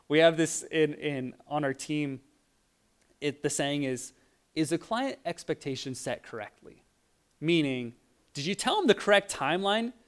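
A man giving a casual sermon, telling lively stories and acting out the voices of people in them, with frequent restarts. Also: on the high side, clean tone. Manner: animated storytelling, acts out voices, frequent restarts. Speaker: preacher.

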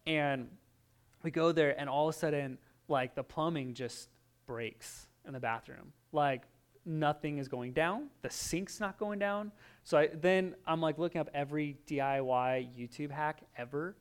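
Guy preaching, smooth clear voice, kinda high, gets really animated telling stories. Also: moderate pace. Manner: animated storytelling, acting out his own voice in quotes. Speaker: pastor. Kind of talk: sermon.

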